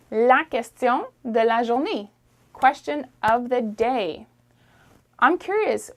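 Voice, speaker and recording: Encouraging woman teaching French. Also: on the high side. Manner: encouraging, repeats phrases slowly for practice. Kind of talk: friendly language lesson.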